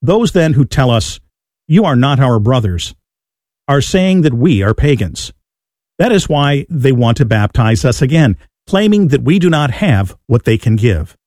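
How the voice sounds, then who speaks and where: A man's voice: medium pitch, a little slow, no echo. Man reading a sermon text, dry sound. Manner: steady, earnest reading. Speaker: reader.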